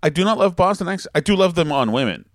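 A man's voice: high-pitched, sing-song, fast. A man hosts a casual podcast, telling stories in a rambling, stop-start way. His voice rises and falls widely as he talks. The sound is dry and close, with no room echo. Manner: rambling, self-interrupting storyteller. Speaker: podcast host. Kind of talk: casual chat reading listener messages.

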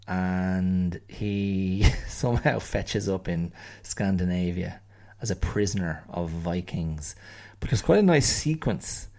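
Irish guy, middle-aged, low voice with lots of fry, wry and rambly, keeps restarting his sentences. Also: mellow. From Ireland. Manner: rambling, wry, digressive, stops to restart phrases. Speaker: podcast host. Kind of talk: solo podcast musing.

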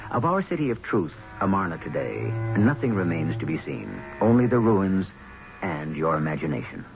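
Deep gravelly guy narrating an old radio mystery, really dramatic delivery, music under it, muffled lo-fi sound. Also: huge pitch swings, moderate pace. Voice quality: dramatic, rhetorical. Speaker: host and narrator.

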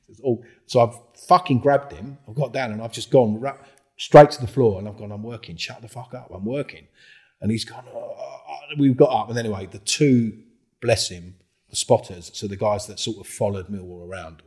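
A man's voice: lowish voice, brisk, slightly rough. A man, a former undercover police officer, telling his stories in a casual interview, swearing freely and acting out what others said. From England. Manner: swears a lot, acts out other people's lines with lively quoted voices.

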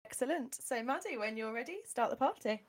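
A woman's voice: a little high, animated, fairly quick, no echo. Woman running an improv game. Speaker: game organizer. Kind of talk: casual improv game hosting. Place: bedroom on a video call.

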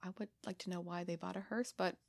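A woman co-hosting a casual podcast, reading spooky legends aloud in a playful, giggly way with dramatic pauses. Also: fairly low pitch, steady tone, creaky. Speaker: podcast co-host.

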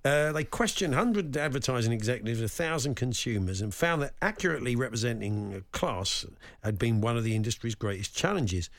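A man hosting a radio sports show, chatting in a wry, teasing way with lively emphasis. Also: medium pitch, brisk. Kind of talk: casual studio chat.

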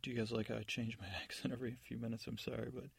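Gravelly man telling a sleepy story. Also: flat delivery, racing, no room sound. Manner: rambling, low-key, self-interrupting. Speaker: podcast storyteller. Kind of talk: improvised bedtime storytelling.

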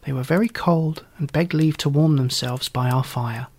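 A man narrating a story in an audiobook, reading in a measured, wry way. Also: a little high, darkish tone. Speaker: reader.

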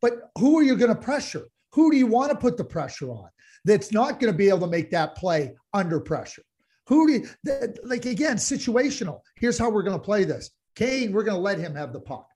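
Male co-host, high voice, animated and heated hockey talk. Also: brisk, husky. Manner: animated, gets heated and loud, many restarts. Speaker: podcast co-host, hockey analyst. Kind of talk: casual sports chat.

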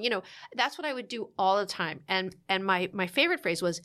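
A woman guest telling a candid story in conversation, animated, with restarts, fillers and laughing asides. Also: medium pitch, fairly quick, few pauses. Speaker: podcast guest.

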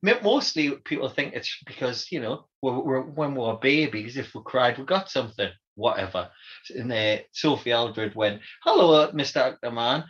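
A man's voice: medium pitch, lively intonation, moderate pace, a bit bright. A man co-hosting a casual podcast, telling stories with animation and acting out quoted voices. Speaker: podcast co-host. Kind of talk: casual chat and storytelling. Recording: dull lo-fi audio.

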